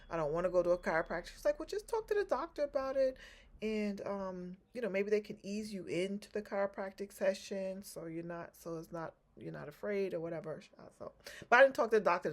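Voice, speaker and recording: Rambling woman telling a storytime. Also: medium pitch. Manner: rambling, repeats herself, many restarts and ums. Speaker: vlogger. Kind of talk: casual storytime chat.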